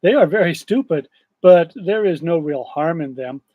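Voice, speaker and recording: A man's voice: fairly high pitch, lively intonation, normal speed, no echo, phone-quality sound. A man reading aloud as a kindly, sleepy old male magician who talks in a mild, chatty way. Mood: fond.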